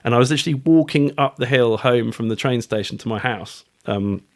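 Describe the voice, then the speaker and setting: A middle-aged man with a British accent, talking as a guest in a relaxed podcast interview. He rambles in an animated way, full of fillers, restarts and casual swearing, and his voice sits at a middling pitch. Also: brisk. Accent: British English. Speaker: guest author.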